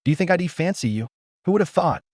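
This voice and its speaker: A man's voice: on the high side, animated, fast talker, darkish tone, no echo, clean studio sound, voice pushed up, close to an everyday voice. A man voicing Su Li, a haughty young CEO. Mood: indignant. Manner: scolding and indignant.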